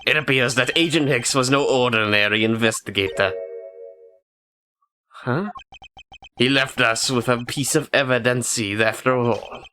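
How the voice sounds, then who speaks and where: Guy doing a snooty stiff lawyer voice, super formal and dramatic, mid-pitch. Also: a little slow, pauses often, bright, forceful tone, soft background music. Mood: confident. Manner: stiff, theatrical, overly formal delivery. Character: haughty, formal young male prosecutor.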